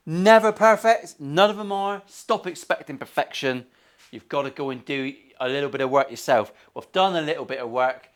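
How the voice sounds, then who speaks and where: This is a middle-aged Englishman with a slightly raised voice, talking viewers through his guitar work. He rambles in loose, sweary banter, teasing his audience between practical tips. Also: fairly high pitch. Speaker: luthier. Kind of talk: casual workshop vlog. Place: guitar workshop.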